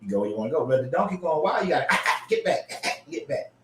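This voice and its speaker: A man hosting a casual commentary show, reading scripture aloud and reacting in an animated, profane way. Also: a little high, fast, reverberant, noisy background. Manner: animated, profane, frequently laughing. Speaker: host.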